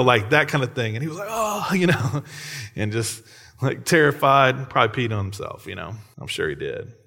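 A man's voice: lowish voice, fairly bright tone. A man in his thirties preaching a sermon in a conversational way, often checking in with his listeners. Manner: conversational, frequent tag questions. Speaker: pastor.

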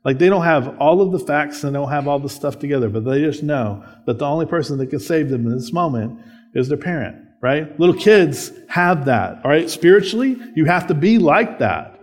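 A man's voice: fairly high pitch, animated, brisk. A man preaching a sermon as a pastor, conversational, often checking in with tag questions.

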